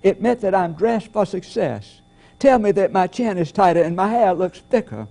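A preacher doing a gushing, vain comedian. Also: male voice, sits high, animated, normal speed, vocal fry, mellow, exaggerated voice. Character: vain male comedian gushing over looks.

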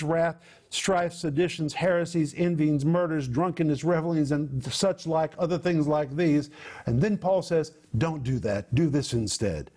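A man's voice: on the high side, a little mellow. A man giving televised Bible teaching, emphatic and direct, stacking up long lists of words and calling his listeners "my friends.". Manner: emphatic, piles up lists of synonyms.

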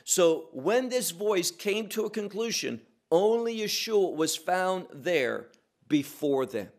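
Slow, deliberate male Bible teacher. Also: high-pitched, lively intonation. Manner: slow and deliberate, stressing single words.

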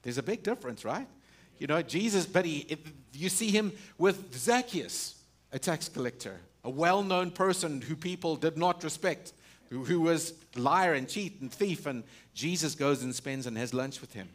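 With lively intonation and an ordinary pace, a man preaches a sermon packed with rhetorical questions and restarts. He moves back and forth between booming emphasis and hushed, low moments.

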